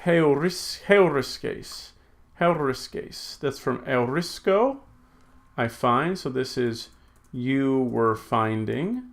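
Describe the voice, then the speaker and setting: A Greek teacher speaks extremely slowly in an expressive, creaky mid-range voice during a recorded lesson. Going through exercises, he types as he thinks aloud, often self-correcting and full of fillers.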